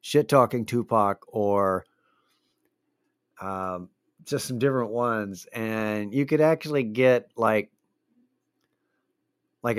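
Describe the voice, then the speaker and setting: A man with a clear, resonant mid-range voice hosts his own show, telling rambling, profane stories in a wry, casual solo monologue with many fillers. The sound is dry and studio quality.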